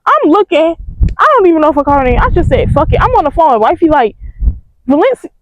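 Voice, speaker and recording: A young woman telling a storytime in a casual, profane, animated way. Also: high-pitched, very fast, a little hiss or hum, poor audio. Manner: animated, profane, emphatic retelling.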